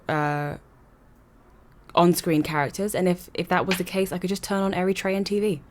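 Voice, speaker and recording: A woman's voice: on the low side, little pitch movement, moderate pace, slight background noise. A young woman giving an earnest, conversational opinion monologue to camera, often asking rhetorical questions. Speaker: vlogger.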